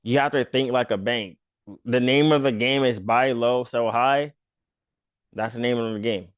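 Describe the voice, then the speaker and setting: Casual male trader host, mid-pitched and loose-spoken, dull, dry recording. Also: steady tone, normal speed, clear, resonant tone, no room sound. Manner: loose, filler-heavy talk with "pretty much" and "bro". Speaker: stock trader and channel host. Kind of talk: casual chart walkthrough.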